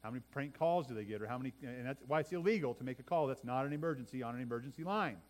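A middle-aged man, a pastor, preaching a sermon to his congregation, often repeating words and swinging between loud and soft for emphasis. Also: mid-range voice, racing.

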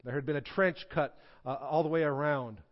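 A man's voice: fairly high pitch, steady tone, moderate pace, muffled recording. A male pastor preaching a sermon in a church, reading scripture dramatically with humorous asides. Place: church sanctuary.

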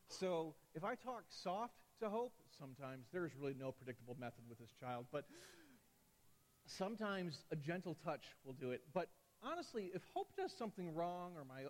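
A man in his thirties preaching a sermon as a pastor, telling stories and acting out quotes with lively shifts. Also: fairly high pitch. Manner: animated storytelling with acted-out quotes. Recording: long reverb of a large hall.

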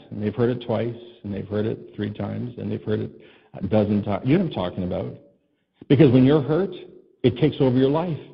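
Male pastor, slightly husky, preaches like he's chatting and keeps asking the room questions. Dull, muffled recording. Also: medium pitch. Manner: conversational, asks the congregation questions, acts out quotes. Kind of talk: sermon.

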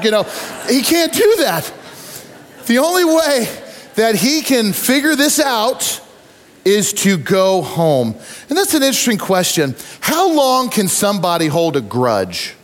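A man preaching a sermon, telling stories with lively acted-out voices and asides to the congregation. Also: high-pitched, moderate pace, in a large hall. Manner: animated storytelling with acted-out voices. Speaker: pastor.

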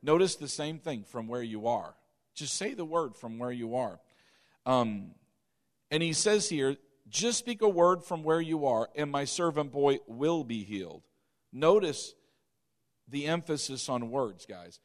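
A man's voice: fairly high pitch, expressive, measured pace. A male pastor preaching a sermon, reading scripture aloud and repeating key phrases for emphasis, at times asking the congregation to repeat after him.

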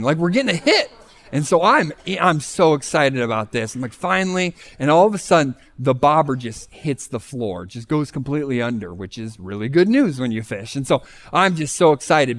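A man preaching a sermon as a pastor, telling a story in an easy, conversational way before moving into teaching. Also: mid-range voice.

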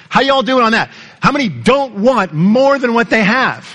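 A man's voice: very high voice, lively intonation, moderate pace, few pauses, pushed and bright. A male pastor preaching a sermon in a conversational storytelling way, putting questions to the congregation.

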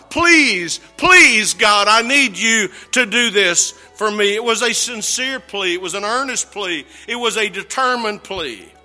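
A male pastor preaching an earnest sermon with slow, emphatic phrasing that drops low at the ends of lines. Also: sharp tone, big-room sound.

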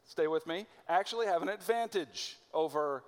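Male pastor, higher-pitched voice, casual preaching with slow emphatic phrases, long hall echo. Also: animated. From United States. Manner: conversational preaching, slows and stresses key phrases. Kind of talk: sermon.

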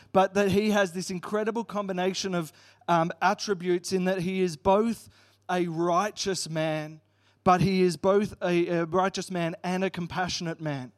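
A man delivers a sermon to his congregation, telling a Bible story in an earnest way. His voice sits high for a man. He reads passages aloud as he goes. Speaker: pastor.

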